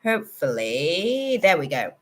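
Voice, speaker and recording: A woman's voice: on the low side, big pitch swings, unhurried, fairly bright tone. A woman hosting a live tarot reading stream, chatting casually with viewers in an effusive, emotional, rambling way full of fillers. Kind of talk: casual livestream chat.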